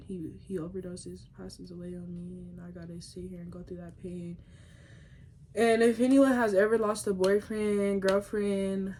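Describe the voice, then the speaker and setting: Young woman telling a story, soft and tearful. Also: on the low side, slight background noise. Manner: casual slangy storytelling, speaks to the audience directly, voice drops soft and tearful. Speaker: YouTuber telling a personal story. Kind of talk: storytime vlog, casual and emotional.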